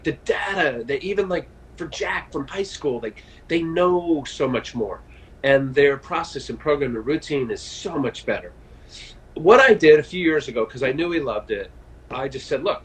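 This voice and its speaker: A man in his fifties, a former pitcher, telling stories in a casual interview over a video call, animated and full of fillers and restarts. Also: rough recording. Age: 50s. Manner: chatty storyteller, animated, frequent fillers and restarts. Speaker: guest, former baseball pitcher.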